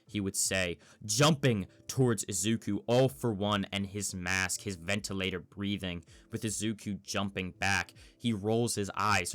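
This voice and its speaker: A man narrating a fan story in a measured storytelling manner. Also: lowish voice, fairly even intonation, fairly bright tone, faint music behind.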